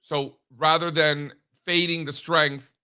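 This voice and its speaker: A man hosting a markets show, teasing his co-hosts in quick banter. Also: a little high, level tone, pushed and bright, clean tone. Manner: ribbing, quick back-and-forth. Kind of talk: casual chat.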